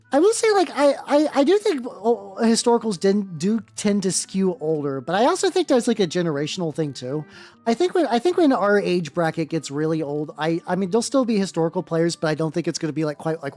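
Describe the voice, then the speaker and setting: Painting miniatures on stream, this woman chats casually in a mid-range, darkish voice, welcoming viewers and swearing from time to time. Faint music plays behind her.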